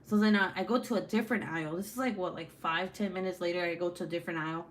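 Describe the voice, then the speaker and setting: A woman's voice: lowish voice, steady tone, rapid-fire, a little hiss or hum. A woman hosts her livestream in a loose, chatty way. She swears freely and breaks into laughter as she tells her stories. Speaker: livestream host. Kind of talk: casual chat and storytelling.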